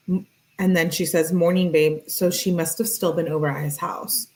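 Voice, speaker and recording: A woman's voice: lowish voice, steady tone, normal speed, a little mellow, poor audio. A woman hosting her channel, reading text messages aloud in a plain voice and breaking off for casual asides. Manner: plain read-aloud delivery broken by offhand asides. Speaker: channel host.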